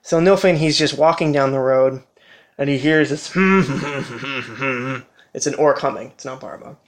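A man who co-hosts a podcast, casually retelling a game playthrough in an animated, conversational way. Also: mid-range voice, a little slow. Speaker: podcast co-host.

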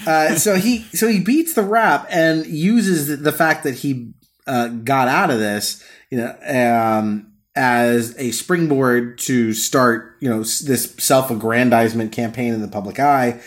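A man's voice: medium pitch, a little slow. A man co-hosting a podcast, talking casually and rambling with many fillers and restarts. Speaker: podcast co-host. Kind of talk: casual chat.

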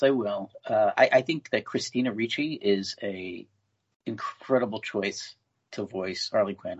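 A man's voice: lowish voice, breathy edge, muffled recording. A man speaking as a panelist in a casual podcast chat, enthusiastic and full of hesitant fillers.

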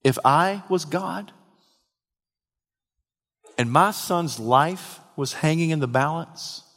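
A man preaching a sermon, swinging dramatically from hushed, quiet lines to loud, shouted ones. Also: on the high side, expressive, slow pace. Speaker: pastor. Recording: long hall reverb.

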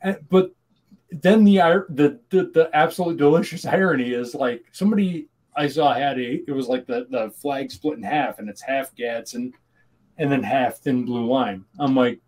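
A man's voice: medium pitch, moderate pace, a little mellow. A man from Minnesota co-hosting a podcast in casual chat, rambling and often restarting his sentences. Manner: rambling, many restarts and self-corrections. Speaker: podcast co-host.

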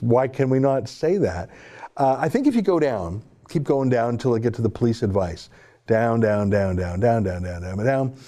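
A man's voice: medium pitch, dark tone. A man giving sarcastic, indignant opinion commentary while someone scrolls through articles for him. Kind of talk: opinion commentary reading from a screen.

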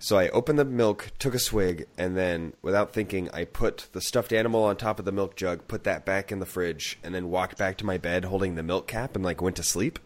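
A man co-hosting a podcast who is sick with a flu or cold, telling animated stories and laughing at himself. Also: sits low, brisk, few pauses, dry recording. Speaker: podcast co-host. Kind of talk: casual chat.

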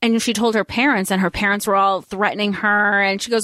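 A woman co-hosting a podcast, talking casually about a book, animated, laughing and swearing freely. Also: medium pitch, fairly quick, hardly any pauses, dry recording, clean studio sound. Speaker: podcast co-host.

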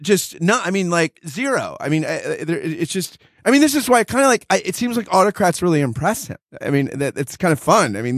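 A man hosting a conversational interview, halting and restarting often. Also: fairly high pitch, no room sound, studio quality. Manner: halting, many restarts, laughs between thoughts.

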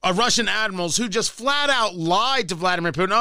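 A man's voice: high-pitched, lively intonation, moderate pace, pushed and bright, dry recording, clean studio sound. A man hosting a talk radio show, rambling in a monologue full of stammered restarts and sarcastic asides.

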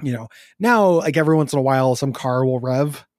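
A man co-hosting a casual gaming podcast, talking in halting bursts with fillers, restarts and frequent laughs. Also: mid-range voice, darkish tone, no echo, studio quality. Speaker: podcast co-host. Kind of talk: casual chat.

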